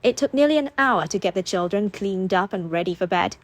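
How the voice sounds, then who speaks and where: A woman reading a novel aloud as an audiobook narrator, steady and expressive. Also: medium pitch, a little fast, no echo.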